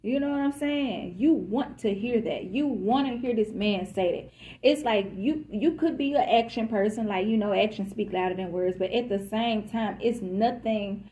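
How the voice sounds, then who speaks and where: A woman's voice: mid-range voice, normal speed, warm tone, highs cut off. A woman giving a casual collective love reading, chatty and emphatic, who calls her listeners y'all and baby. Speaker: tarot reader.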